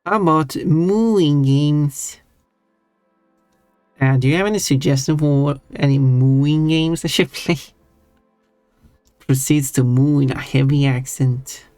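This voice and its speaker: A man's voice: fairly high pitch, slow pace, long pauses, darkish tone, clean tone, no echo, faint music behind. A man streaming and chatting casually with his viewers, teasing them playfully. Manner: playful, teasing, laughs between words.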